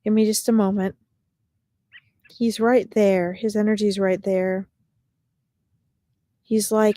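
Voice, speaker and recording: A woman giving a live-streamed psychic reading as a medium, talking in a gentle, reassuring way with frequent pauses and fillers. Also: medium pitch, flat delivery, no room sound, studio quality. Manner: gentle, reassuring address to viewers.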